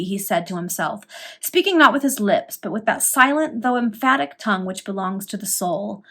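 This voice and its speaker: A woman reading a Victorian serial novel aloud, storytelling with lively emphasis. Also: mid-range voice, moderate pace, gravelly. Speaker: reader.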